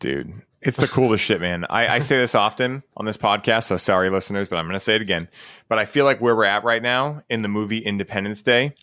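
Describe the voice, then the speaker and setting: A man's voice: lowish voice, quick pace, bright, forceful tone, dry recording, clean studio sound. A man hosting a podcast in a laid-back, slangy way, acting out quotes as he tells stories. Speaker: podcast host. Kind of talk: casual podcast chat.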